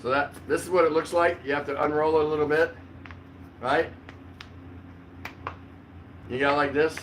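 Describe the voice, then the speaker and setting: A man's voice: on the high side, steady tone, normal speed, a bit bright. A middle-aged man hosting a casual livestream chat from his couch, rambling with lots of fillers and frequent laughs. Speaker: vlogger host. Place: home, on the couch. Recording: distant mic with faint room noise.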